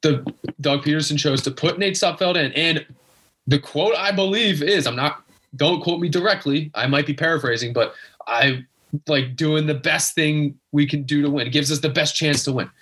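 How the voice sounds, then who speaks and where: Exasperated husky-voiced young man. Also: fairly high pitch, moderate pace, fairly bright tone. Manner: exasperated, emphatic, repeats himself. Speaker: guest sports fan. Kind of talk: casual rant.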